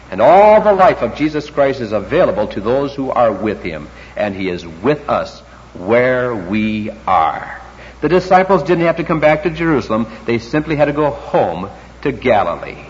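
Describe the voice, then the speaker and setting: A man preaching a sermon, reading scripture in King James wording and swinging between loud emphasis and quiet intensity. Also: mid-range voice. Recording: dull lo-fi recording, long hall reverb.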